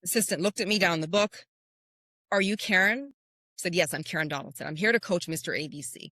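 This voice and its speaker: A woman's voice: fairly low pitch, quick pace, a bit bright, dry recording, clean studio sound. A woman hosting a motivational podcast, speaking earnestly and telling stories with rhetorical questions. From Canada. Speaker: podcast host and confidence coach.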